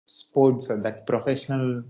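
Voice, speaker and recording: A male host in a casual interview, talking hesitantly with many pauses and fillers. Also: mid-range voice, steady tone, warm tone, dull audio.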